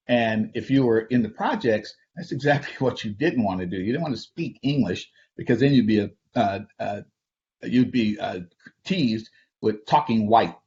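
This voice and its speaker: A man's voice: on the low side, lively intonation, moderate pace, darkish tone. A middle-aged man from Flint, Michigan, giving a personal storytelling talk as an invited speaker, conversational, chuckling often and restarting his sentences. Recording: dull lo-fi recording.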